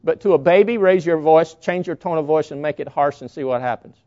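A man's voice: on the high side, fairly quick, dark tone. A man preaching a sermon in an emphatic way, often acting out short quotes to make his point. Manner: emphatic, illustrating with acted quotes. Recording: dull lo-fi sound.

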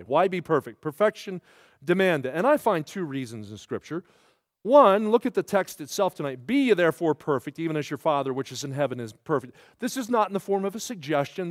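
A male preacher delivering a sermon in a folksy, animated way, his emphasis climbing as he makes each point. His voice sits a little high for a man and sounds dry and close, with little room around it. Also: no room sound.

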